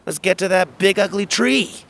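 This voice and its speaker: A man's voice: sits high, moderate pace, creaky, fairly bright tone, a little hiss or hum, voice pushed up. A man voicing a brash, eager fairy companion who speaks up in a raised voice.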